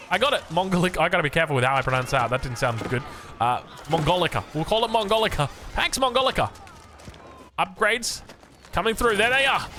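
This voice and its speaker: An Australian man giving animated, jokey esports match commentary with self-mocking asides. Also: high voice. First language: English. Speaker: game caster.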